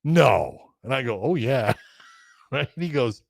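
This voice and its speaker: A man casually telling a story as a podcast co-host, animated and acting out quotes with laughter. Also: medium pitch, normal speed, no echo.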